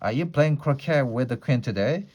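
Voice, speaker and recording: A man voicing a calm, teasing, grinning cat in a storybook, answering in a matter-of-fact way. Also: medium pitch, normal speed, lightly acted.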